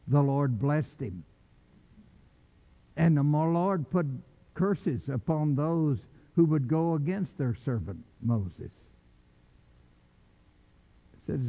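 An older man preaching a sermon with fervor, swinging from low quiet lines to shouted calls. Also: creaky. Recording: muffled, echoey hall.

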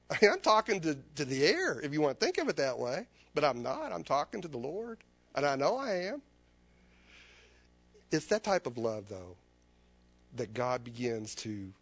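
A man preaching a sermon as a personal testimony, earnest and confessional, often repeating his phrases. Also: on the high side.

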